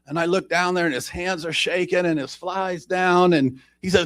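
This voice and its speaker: A man's voice: high-pitched, steady tone, moderate pace, fairly bright tone, no echo. A man sharing his personal recovery story at a meeting, in a rambling, conversational way with self-deprecating humor.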